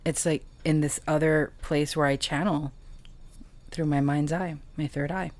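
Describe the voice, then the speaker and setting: A woman with a low voice gives a tarot reading at an unhurried pace. She speaks softly and emotionally, pausing and hesitating as she goes. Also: steady tone. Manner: slow, soft, emotional and halting. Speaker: tarot reader and channeler.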